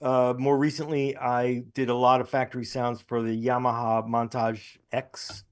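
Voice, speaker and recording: Relaxed man telling stories on a call. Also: mid-range voice, normal speed, smooth. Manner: relaxed anecdotal storyteller, many restarts. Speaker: guest. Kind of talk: casual interview storytelling. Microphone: video call.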